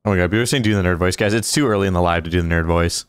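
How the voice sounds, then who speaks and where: Young male streamer, deep and smooth, joking and thanking donors. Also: very fast, no echo, clean studio sound. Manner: playful, thanks donors, jokey. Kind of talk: casual livestream chat.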